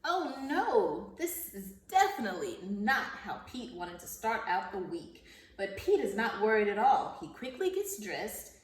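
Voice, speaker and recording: A woman teacher gives children a vocabulary lesson and reads them a story, speaking slowly, enunciating carefully, and repeating words. Her medium-pitched voice is sing-song. She's recorded from a distance off the mic, so the sound is roomy and echoey.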